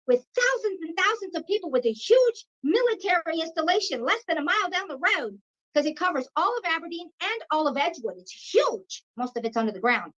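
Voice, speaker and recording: High-voiced woman telling a vivid story. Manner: animated, acts out quoted voices. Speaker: guest. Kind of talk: personal storytelling. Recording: dull lo-fi sound.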